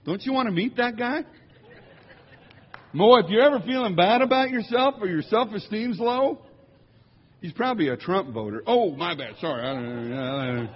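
Husky man telling jokey stories in a hall. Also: sits high, moderate pace. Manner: jokey, animated storytelling with impressions. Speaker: musician speaking to a congregation. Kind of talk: humorous storytelling talk. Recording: dull lo-fi sound in a large reverberant hall.

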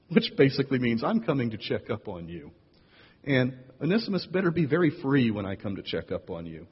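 A man's voice: medium pitch, sing-song, brisk, husky, big-room sound, muffled recording. A man preaching a sermon as pastor, with wry, playful asides.

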